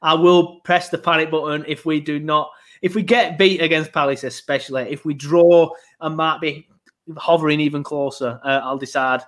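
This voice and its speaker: A man's voice: a little high, steady tone, moderate pace, a bit bright. A man co-hosting a podcast in casual chat, chatty and self-mocking, telling stories with animation. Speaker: podcast co-host.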